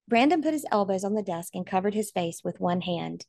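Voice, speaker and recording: A woman's voice: medium pitch, expressive, a little fast, gravelly, few pauses, darkish tone, dry recording. A woman narrating a novel aloud in an earnest, emotional way. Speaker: audiobook reader.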